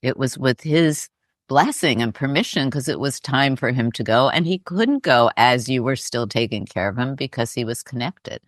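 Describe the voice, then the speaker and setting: A podcast co-host responding thoughtfully to a guest and sharing personal stories in a calm, conversational way. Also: mid-range voice, normal speed, no room sound, studio quality. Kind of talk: conversational spiritual podcast talk.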